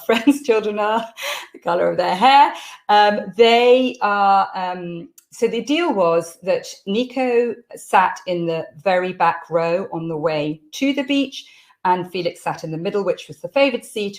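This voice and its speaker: A middle-aged woman, a parenting coach telling a candid personal story to camera. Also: lowish voice. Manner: candid storytelling that acts out quoted shouts.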